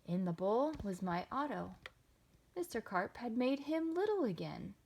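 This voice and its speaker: A woman reading a children's picture book aloud with expressive, sing-song delivery. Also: fairly high pitch, unhurried, creaky. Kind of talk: children's storybook read-aloud.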